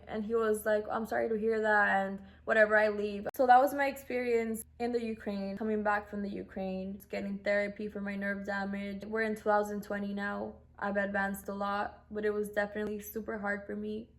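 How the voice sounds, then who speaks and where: A vlogger in her twenties speaks fairly quickly in a medium-pitched, steady voice. Chatting casually about something that happened to her, she says "like" constantly and acts out what other people said.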